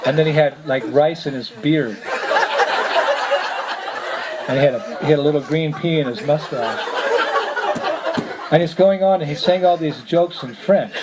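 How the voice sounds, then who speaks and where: A man's voice: fairly high pitch, moderate pace. A man, a visiting monk, telling a story to a gathering, chuckling often as he speaks. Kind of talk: storytelling talk. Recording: noisy lecture recording.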